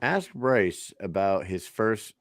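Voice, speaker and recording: Low-voiced man, emphatic and incredulous. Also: big pitch swings, slow, no echo, studio quality. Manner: emphatic, incredulous, swears, reads comments aloud. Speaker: podcast co-host. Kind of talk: casual podcast chat.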